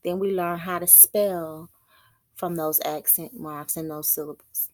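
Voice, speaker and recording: A woman giving an informal religious teaching, halting and repeating words as she thinks aloud. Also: on the low side, fairly even intonation, darkish tone. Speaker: prophetess.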